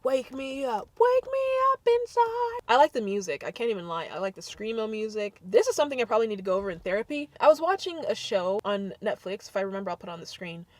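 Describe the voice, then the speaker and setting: A young adult woman talking to camera in a casual vlog, blunt and sassy with animated swings of delivery. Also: mid-range voice, fast talker, few pauses, no echo. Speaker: vlogger.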